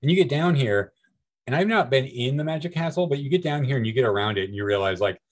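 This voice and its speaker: A man's voice: medium pitch, expressive, quick pace, rough recording. A man who is a guest on a podcast, talking loosely about films with many fillers. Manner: loose, rambling, filler-heavy. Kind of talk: casual film discussion.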